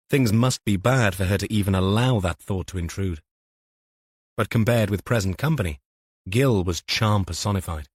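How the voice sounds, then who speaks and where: A man narrating a police novel in a measured, even storytelling manner. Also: fairly low pitch, slightly rough, dry recording, studio quality. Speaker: audiobook narrator. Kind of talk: scripted narration.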